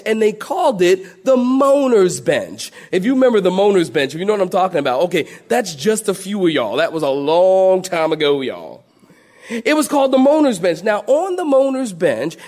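A high-voiced middle-aged man preaching a sermon. He tells folksy stories, stumbles over restarts and repeated words, and breaks into acted-out moaning. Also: a little mellow. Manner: folksy storytelling preacher, acts out moaning church ladies. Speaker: pastor.

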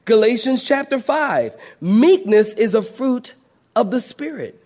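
A middle-aged man, a pastor, preaching a sermon as an animated storyteller who drops low and soft, then rises loud and high. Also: unhurried.

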